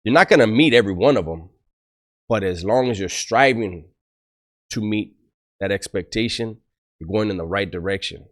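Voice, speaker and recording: A man's voice: lowish voice, moderate pace, long pauses. A middle-aged man, a former prisoner, giving blunt life advice and rambling prison stories to the camera, swearing freely. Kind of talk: casual storytelling to camera.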